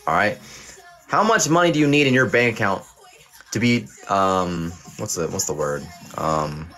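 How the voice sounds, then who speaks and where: This young livestream host plays a pretend teacher, going through chat messages and issuing playfully profane verdicts of pass or fail. He speaks at a normal pace in a low, bright, expressive voice with a forceful tone.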